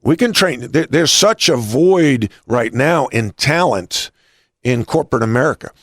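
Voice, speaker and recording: A middle-aged man who is a podcast host and coach leads a conversational interview, his medium-pitched voice lively in intonation and fairly bright in tone. He speaks a little slowly and tells stories with many restarts, captured in a dry, studio-quality recording.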